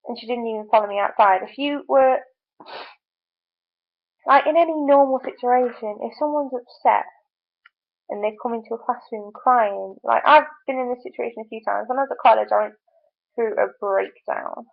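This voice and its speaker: A woman's voice: on the high side, normal speed, gravelly. A young woman vlogger venting her frustration in a casual video diary, full of fillers. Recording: tinny phone-like audio.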